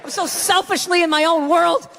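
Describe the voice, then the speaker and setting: A male stand-up comedian on stage, ranting and swearing with sudden shouted bursts. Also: very high voice, steady tone, normal speed, vocal fry. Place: large comedy venue on stage. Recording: live hall with loud audience. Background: audience laughter.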